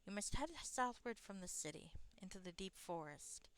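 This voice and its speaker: A woman's voice: mid-range voice, lively intonation, moderate pace, a bit bright, natural voice. A woman voicing a wise male wizard who advises the hero in formal, solemn phrasing. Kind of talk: reading game dialogue aloud.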